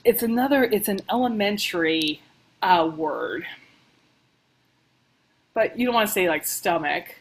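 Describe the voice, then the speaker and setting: A woman who works as a book editor reads passages aloud and muses on them in a casual, chatty way. Her voice is lowish, and the audio quality is poor.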